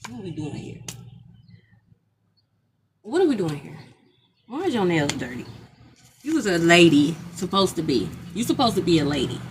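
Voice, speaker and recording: A woman's voice: on the low side, big pitch swings, fairly quick, slight background noise, rough recording. A woman giving a live tarot reading outdoors on a street, talking bluntly and profanely and repeating herself often. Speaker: tarot reader. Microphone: phone livestream.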